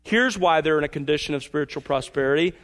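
High-voiced man preaching a sermon. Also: fairly bright tone. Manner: earnest, questioning, slows for emphasis. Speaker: pastor.

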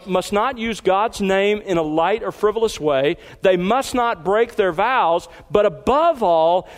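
A man's voice: high-pitched, in a large hall. A man preaching an expository sermon, reading scripture aloud and pressing key points with emphatic rises. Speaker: pastor.

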